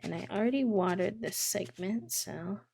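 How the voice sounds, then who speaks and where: A woman's voice: mid-range voice, moderate pace, gravelly, husky. A young woman casually chatting to her live-stream audience while playing a farming game. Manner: relaxed, chatty, talks to chat between tasks.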